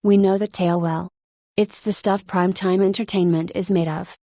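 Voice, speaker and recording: A woman narrating a nonfiction audiobook in an even, measured reading. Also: fairly low pitch, dry recording.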